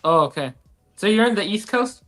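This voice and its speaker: A woman chatting casually on a live stream, asking quick, curious questions. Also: mid-range voice, lively intonation, a bit bright, faint music behind.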